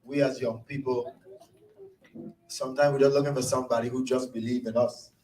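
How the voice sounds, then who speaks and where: A middle-aged man from Saint Croix, U.S. Virgin Islands, emcees a tribute event with a Virgin Islands accent, speaking a little fast in a flat, darkish, medium-pitched voice. His unscripted speech is casual and heartfelt, using dialect grammar, and it's recorded from far off in an echoey room.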